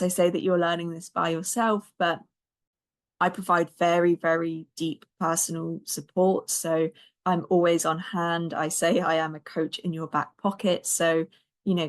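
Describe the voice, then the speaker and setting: A young woman hosting a podcast, her voice a touch croaky. She speaks gently and encouragingly, in a lowish, fairly even tone without much lift. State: slightly croaky voice. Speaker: podcast host and coach. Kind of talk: podcast monologue.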